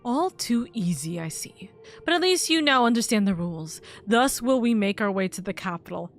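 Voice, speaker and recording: A woman's voice: medium pitch, animated, moderate pace, soft background music, close to an everyday voice. A woman reading a grandiose, mocking male game villain's lines aloud in a formal, theatrical way.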